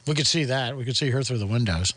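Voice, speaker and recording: A man's voice: mid-range voice, fast. A man hosting a radio talk show, bantering and joking with theatrical outbursts. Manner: excitable, jokey, theatrical outbursts.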